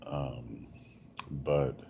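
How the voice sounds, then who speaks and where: A man's voice: very deep voice, fairly even intonation, very slow, gravelly, dark tone, a little hiss or hum. A man in a hospital room giving a casual, rambling update, telling stories with many asides. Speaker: vlogger.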